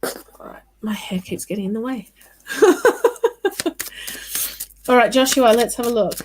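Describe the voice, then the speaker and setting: Against a noisy background, a woman whose voice is on the high side reads psychic cards for a live-stream audience. Her manner is relaxed and reassuring, with frequent "um" and "all right" pauses as she calls out viewers' names.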